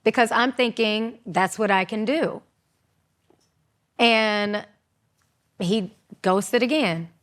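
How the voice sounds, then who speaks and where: A woman in her thirties telling her own story as an interview guest, animated, acting out quotes in raised voices. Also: mid-range voice, takes it slowly, pauses often.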